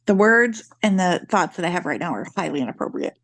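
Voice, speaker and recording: A woman's voice: lowish voice, lively intonation, fairly quick, no room sound. Dry-sounding woman, casual co-host. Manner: reactive, short interjections. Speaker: podcast co-host. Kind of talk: casual chat.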